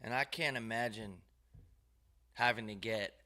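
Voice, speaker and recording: A man's voice: on the low side, a little slow, pushed and bright. A man hosting his own show, telling rambling, profane, wry stories in a loose monologue. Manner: profane, wry, ranting storyteller. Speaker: show host.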